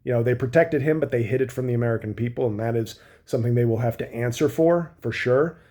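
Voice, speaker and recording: A man, a comedian, delivering a sarcastic political commentary rant with mocking asides and animated bursts of emphasis. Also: mid-range voice, fast.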